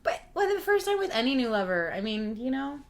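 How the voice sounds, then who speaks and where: A woman's voice: sits high, sing-song, a little fast. A woman co-hosting a podcast, chatting casually and laughing often as she retells TV scenes. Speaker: podcast co-host. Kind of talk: casual chat recapping a TV show.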